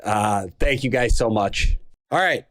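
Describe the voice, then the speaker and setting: A man's voice: mid-range voice, expressive, a little slow, fairly bright tone, dry recording. A man hosting a podcast in casual chat, laid-back and full of fillers. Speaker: podcast host.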